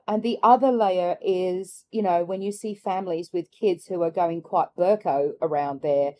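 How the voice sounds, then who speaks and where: A middle-aged woman chatting candidly in a personal vlog, musing aloud and laughing softly between thoughts. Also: lowish voice. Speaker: carnivore diet vlogger. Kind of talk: reflective personal vlog chat.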